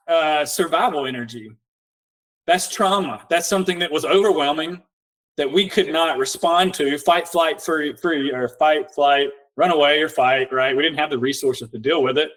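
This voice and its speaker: A man with a slightly raised pitch talks as a coach on a podcast. He tells client stories in a casual, animated way, voicing both himself and the client. He slows into calm, guiding instructions when he walks the listener through an exercise. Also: poor audio. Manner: animated storyteller acting out both sides of conversations. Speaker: podcast guest, nervous system coach. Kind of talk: casual storytelling in a podcast interview.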